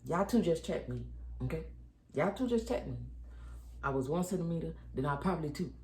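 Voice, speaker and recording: A woman's voice: low-pitched, brisk. A woman telling the story of her baby's birth in a casual, chatty way, acting out each exchange and talking straight to her viewers. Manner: animated, acts out each exchange. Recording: echoey room with faint background noise.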